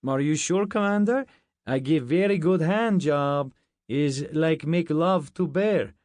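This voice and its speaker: A blustering, bawdy Russian man with a thick Russian accent and broken English, as a male narrator puts him on. The voice sits higher and pushes louder than the reader's own. Dry, close studio sound. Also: takes it slowly, dry recording. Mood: brash. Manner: heavy accent, dropped articles, bawdy.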